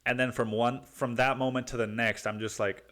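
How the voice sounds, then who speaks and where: A man's voice: mid-range voice, flat delivery, moderate pace, fairly bright tone. A man from Mexico hosting a solo podcast, rambling casually, swearing a lot and calling the listener dude. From Cancun, Mexico. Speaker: podcast host.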